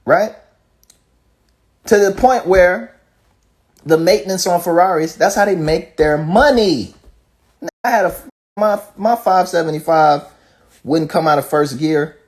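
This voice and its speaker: A rapper ranting casually, profane and fired up, firing off rhetorical questions. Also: male voice, sits high, unhurried, pauses often. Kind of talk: casual rant.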